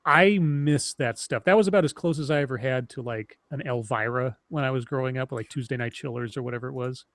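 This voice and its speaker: A man in his thirties rambles through memories in loose, animated streamer chat, full of restarts. His voice sits at an ordinary middle pitch. The sound is close and dry. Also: a little fast, hardly any pauses, no room sound. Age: 30s. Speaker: streamer co-host. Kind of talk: casual chat.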